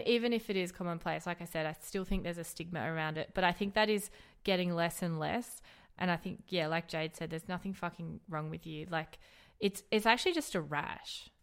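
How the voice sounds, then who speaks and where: A woman, co-hosting a casual, frank chat, blunt and quick to swear and laugh. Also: fairly low pitch, clear, resonant tone. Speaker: podcast co-host.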